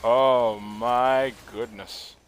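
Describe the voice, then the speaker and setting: A man's voice: medium pitch, fairly even intonation, very slow, a little hiss or hum. A man giving casual gameplay commentary, trash-talking enemies with profanity and laughing at the game. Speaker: gaming streamer.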